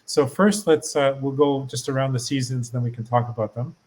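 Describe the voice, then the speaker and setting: A man's voice: mid-range voice, fairly even intonation, a little fast, a little mellow. A man hosting a podcast as a learner, asking eager, curious questions and restarting his sentences as he thinks. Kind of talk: casual podcast chat.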